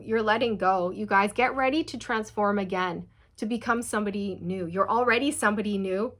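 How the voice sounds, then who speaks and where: A young woman speaks directly to her audience as she works through a tarot reading. She is casual, chatty and earnest, and her voice sits at a middling pitch. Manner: chatty, earnest, addresses viewers as "you guys". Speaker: tarot reader.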